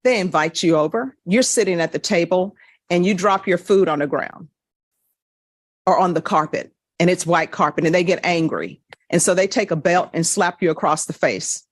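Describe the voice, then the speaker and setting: A woman's voice: on the low side, moderate pace, no echo, clean studio sound. A woman judge questioning a defendant in court, stern and lecturing.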